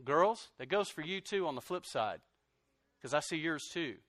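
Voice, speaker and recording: A middle-aged pastor preaches in an animated way, bursting out loudly and then dropping to soft, confessional tones. His voice sits a little high for a man. The recording is dry and close, with little room sound. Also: moderate pace, no room sound. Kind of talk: sermon.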